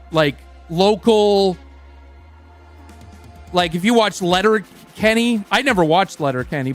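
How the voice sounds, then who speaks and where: A man's voice: high-pitched, a bit bright. A young Canadian man with a Canadian accent, chatting on stream, rambling and swearing freely as he tells a story. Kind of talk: casual stream chat.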